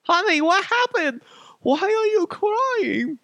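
A man putting on a high, doting mom voice. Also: big pitch swings, slow, sharp tone, no echo, full character voice. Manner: coddling, crude punchlines. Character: doting, fussy middle-aged mother.

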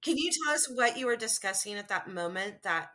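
A woman podcast host with a bright, forceful voice runs a casual interview. She asks questions eagerly and reacts with open excitement. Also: mid-range voice, fairly quick.

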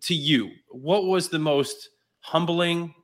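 Bright-voiced man asking rambling questions. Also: fairly high pitch, slow pace. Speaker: podcast host. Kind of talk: casual podcast chat.

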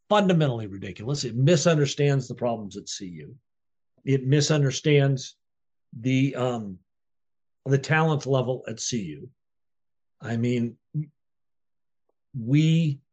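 A man's voice: medium pitch, a little mellow, breathy edge. A man on a sports talk panel, emphatic and sardonically dismissive. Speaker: podcast panelist. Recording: dull lo-fi sound.

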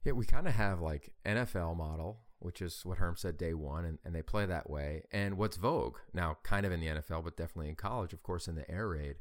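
A man co-hosting a college football talk show, speaking in an energetic, animated way. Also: low-pitched, a little fast, hardly any pauses. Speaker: college football show co-host, play-by-play announcer. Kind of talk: casual sports talk.

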